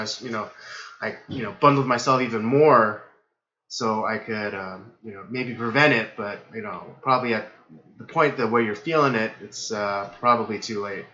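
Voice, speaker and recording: A hoarse man hosting a casual livestream podcast, rambling with lots of fillers. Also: medium pitch, bright, forceful tone, roomy sound, muffled recording. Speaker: podcast host.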